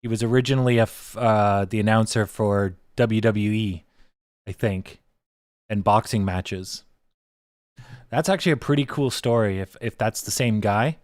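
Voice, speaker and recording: A man hosting a casual livestream, talking in a relaxed, loose way and swearing freely into a desk microphone. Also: lowish voice, normal speed, no echo, studio quality. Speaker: livestream host.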